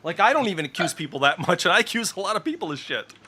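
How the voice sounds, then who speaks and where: Profane ranting middle-aged man, lively. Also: sits high, racing, slight background noise. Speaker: streamer. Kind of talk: casual voice chat.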